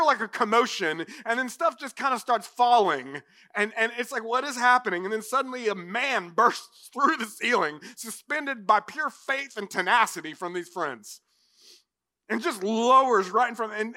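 Man, pastor, sermon, high voice, casual animated preaching, lots of "like". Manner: conversational, animated preaching with frequent "like".

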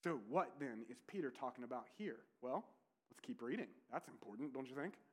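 A man's voice: medium pitch, lively intonation, fairly quick. A man preaching a sermon as pastor, earnest and emphatic, with conversational asides and rhetorical questions. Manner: earnest preaching, rising to emphatic peaks and dropping to quiet intensity.

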